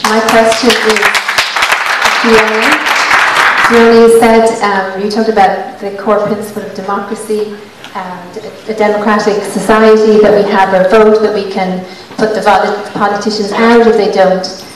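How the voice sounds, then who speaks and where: A woman, a nurse and mother, putting an earnest, halting question to the panel from the floor. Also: mid-range voice, a little hiss or hum. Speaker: audience member, nurse. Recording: very echoey room, far-off mic.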